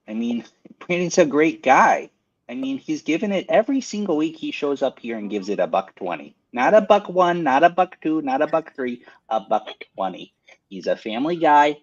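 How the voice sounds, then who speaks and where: A man's voice: fairly high pitch, very animated, normal speed, muffled recording. A man, a podcast co-host, doing a put-on Upper Peninsula Michigan accent in a jokey, folksy, effusive sign-off. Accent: put-on Upper Peninsula Michigan (Yooper). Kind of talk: casual sign-off chat.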